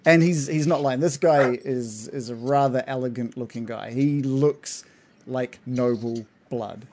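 A man narrating as game master of a tabletop game, relaxed and hesitant with fillers. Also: mid-range voice, unhurried.

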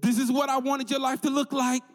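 A man's voice: extremely high pitch, level tone, fairly quick, big-room sound, faint music behind, voice pushed up. A man voicing God as an easygoing, reassuring male figure speaking offhandedly in a sermon.

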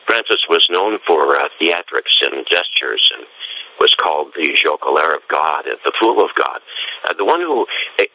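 A man, a friar, giving a gentle and musing Christmas homily in a scratchy voice, pausing often to reflect. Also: extremely low pitch. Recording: dull lo-fi recording.

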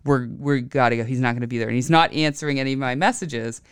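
A woman hosting an astrology podcast from home, telling a personal story casually and animatedly, acting out other people's lines with big jumps in pitch. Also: fast, clear, resonant tone, no room sound, clean studio sound.

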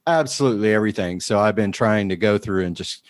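A man co-hosting a podcast, chatting in a laid-back, deadpan way. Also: lowish voice, quick pace, no echo, clean studio sound. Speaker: podcast co-host. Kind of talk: casual chat.

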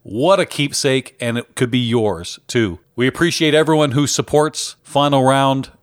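A man's voice: mid-range voice, normal speed, clean tone. A man co-hosting a pinball podcast's mock awards show with a playful salesman tone. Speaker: podcast co-host.

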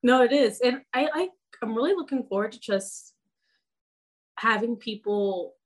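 A woman's voice: a little high, lively intonation, unhurried. A woman who teaches belly dance, chatting casually on a podcast, leaning on filler words and laughing often.

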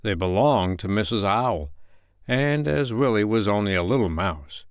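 A man who hosts a podcast, reading a bedtime story aloud with a gentle, expressive manner. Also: lowish voice, moderate pace, smooth, no room sound, clean studio sound.

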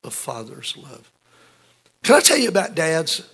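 An older man delivers a sermon from the pulpit. His voice is gravelly and a little husky, with a bright, forceful edge. His preaching rises to booming lines and falls back to hushed ones. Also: wildly swooping pitch, measured pace. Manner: emotional preaching, swinging between booming and hushed. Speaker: pastor.

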